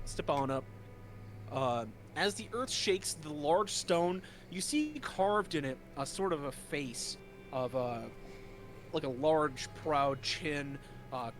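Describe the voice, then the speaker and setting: A man's voice: a little high, fairly bright tone. A man narrating as game master in a casual way, with many fillers. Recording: noisy home mic.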